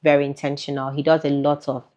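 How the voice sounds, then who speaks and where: Chatty low-voiced Nigerian woman. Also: little pitch movement, fast, heavy background noise. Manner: chatty, laughs often. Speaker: interviewee, content creator. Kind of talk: casual interview answers. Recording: muffled lo-fi recording.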